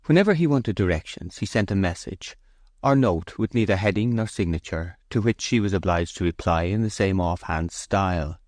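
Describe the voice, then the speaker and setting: Male audiobook narrator, deep, measured, dry. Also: darkish tone, no echo. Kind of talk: scripted narration.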